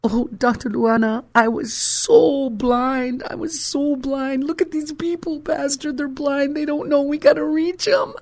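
A man's voice: fairly even intonation, unhurried, hardly any pauses, a little mellow. A male preacher voicing a tearful young woman who pleads urgently and breathlessly, his voice pushed far up. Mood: urgent pleading. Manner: breathless, pleading, rising high.

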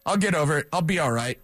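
Man, sports talk radio host, wisecracking, rambling, lively swooping pitch, dry close studio mic. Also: no room sound. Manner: animated, wisecracking, rambling asides.

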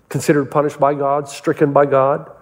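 A man delivers a sermon, his fairly high voice rising and falling as he tells stories and fires off rhetorical questions. The sound carries a long echo, as in a large church hall. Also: a little slow, a little hiss or hum. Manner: animated, rhetorical questions, storytelling. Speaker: pastor.

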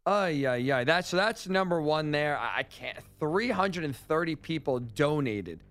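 A man's voice: fairly high pitch, lively intonation, measured pace, fairly bright tone. A man hosting a sports talk radio show, telling stories with incredulous, ranting energy.

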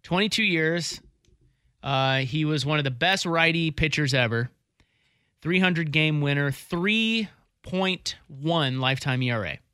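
Bright-voiced man telling sports stories. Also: fairly high pitch, unhurried, smooth, no room sound, studio quality. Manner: rambling storyteller, laughs easily. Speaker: podcast co-host. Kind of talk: casual sports chat.

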